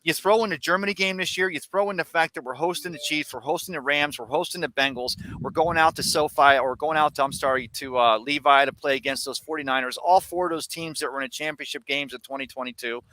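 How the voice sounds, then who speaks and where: A man hosting sports talk radio, speaking in an animated, emphatic, rambling way. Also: on the high side, fast talker, few pauses, low-quality recording.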